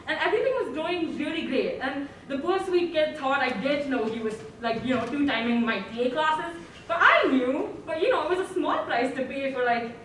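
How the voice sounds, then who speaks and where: A woman's voice: high voice, a bit bright, slight background noise. A young woman improvising as a sarcastic physics professor delivering a mocking eulogy for her teaching assistant, casual and swearing. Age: young adult. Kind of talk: improv comedy scene. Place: stage in a university hall. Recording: echoey hall from far off.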